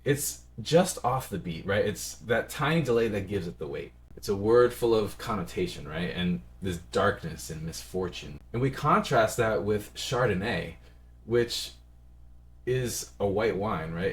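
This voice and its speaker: A man casually explaining song melody and lyric stress as a music teacher, in a friendly, conversational way. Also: fairly low pitch. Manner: explains in a friendly, conversational way and sings short phrases.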